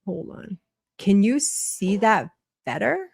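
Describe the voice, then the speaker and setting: A woman's voice: medium pitch, expressive, takes it slowly, vocal fry, darkish tone, slightly rough, no echo, clean studio sound. A woman with a Boston accent hosting a casual livestream, chatty and blunt, swearing freely while she reads a court document aloud. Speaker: livestream host.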